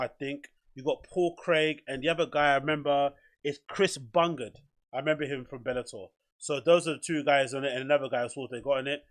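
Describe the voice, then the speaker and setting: A man hosts a podcast, talking over clips in loose, self-mocking rambles. His voice sits a bit high and rings bright and forceful. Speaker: podcast host. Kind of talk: casual commentary over clips.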